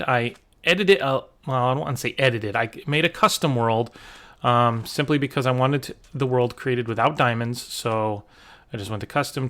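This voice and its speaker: A man's voice: medium pitch, a bit bright. Guy rambling through his game, lots of ums and restarts, easygoing medium voice. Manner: chatty, rambling with fillers and restarts. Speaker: gaming channel host. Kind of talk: casual let's-play commentary.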